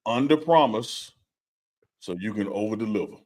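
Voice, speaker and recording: A man's voice: lowish voice, lively intonation, normal speed, darkish tone. A man co-hosting a casual sports talk show, teasing his partner in laid-back banter. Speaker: co-host.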